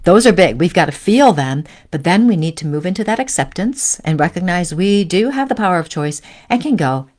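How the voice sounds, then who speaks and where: Gentle coaching woman, lowish voice. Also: expressive, brisk, hardly any pauses. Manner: gentle coaching, frequent "right?" and "okay?" check-ins. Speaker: host. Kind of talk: live-stream spiritual teaching.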